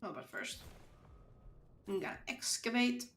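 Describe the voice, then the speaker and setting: Woman streamer, casual game commentary, bright, animated, echoey room. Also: a little high, a little slow. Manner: excitable, reacts loudly to the game. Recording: roomy echo.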